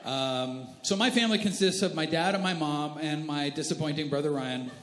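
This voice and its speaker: A man's voice: fairly high pitch, moderate pace, a bit bright. A male pastor in his thirties telling funny family stories in a sermon, self-deprecating and chatty, with asides to the congregation. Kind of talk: humorous sermon storytelling. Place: large church hall. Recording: roomy church hall with long reverb.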